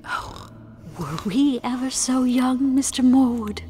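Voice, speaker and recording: An actress playing a sinister, doting old wife who plots over sleeping guests, with a sugary, coy way of talking. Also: female voice, high-pitched, lively intonation, takes it slowly, dark tone. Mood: cooing. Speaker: Mrs. Morwood. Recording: long reverb with faint noise.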